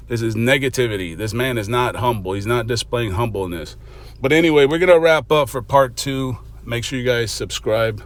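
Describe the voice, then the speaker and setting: A man giving a blunt, profane reaction commentary, mocking and lecturing as he talks. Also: mid-range voice. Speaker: reaction vlogger.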